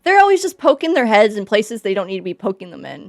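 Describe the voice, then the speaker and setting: Woman in character, low gravelly voice, wary and quiet, faint music behind. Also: very animated, fast, no room sound, studio quality. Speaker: player. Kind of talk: in-character tabletop play.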